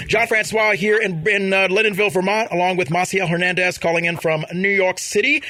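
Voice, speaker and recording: A man's voice: high voice, fairly even intonation, a little fast, hardly any pauses, music in the background. A man hosting a podcast, chatting casually about celebrity gossip and reading out news items. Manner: chatty, laughs often, reads news items. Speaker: podcast host. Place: studio in Vermont.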